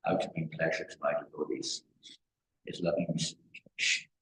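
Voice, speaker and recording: A man's voice: extremely low pitch, level tone, fairly quick, creaky, sharp tone. A man from England giving a devotional talk as a spiritual teacher, rambling through stories and repeating phrases for emphasis. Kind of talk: devotional discourse. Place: temple hall. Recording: echoey hall with faint noise.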